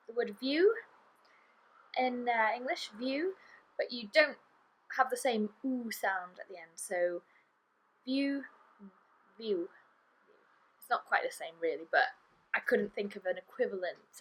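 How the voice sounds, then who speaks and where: Slow, careful woman teaching pronunciation. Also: on the high side, a bit bright, husky, poor audio. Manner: slow, careful, repeats each sound for the learner. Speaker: Welsh language teacher. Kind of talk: online pronunciation lesson. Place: indoor room in a city, street traffic outside.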